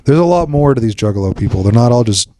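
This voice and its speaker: A man's voice: medium pitch, expressive, quick pace, dark tone, dry recording. A young man co-hosting a podcast, chatting casually with rambling, jokey explanations. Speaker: podcast co-host. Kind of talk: casual chat.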